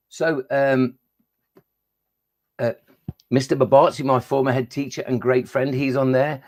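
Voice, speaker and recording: A man with a Midlands accent performs playful rhyming poems for schoolchildren on a live stream. Between poems he chats in a relaxed, friendly way, greeting viewers. His voice sits at an ordinary middle pitch. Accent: Midlands English. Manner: playful rhyming recitation and chatty asides to children. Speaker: children's poet.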